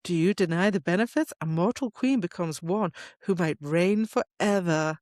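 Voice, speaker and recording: A woman co-hosting a casual book podcast, chatty and quick to slip into characters' voices. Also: on the low side, a little mellow, dry recording, clean studio sound. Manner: chatty, jumps into characters' voices, laughs while retelling. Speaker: podcast co-host. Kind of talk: casual book-club chat.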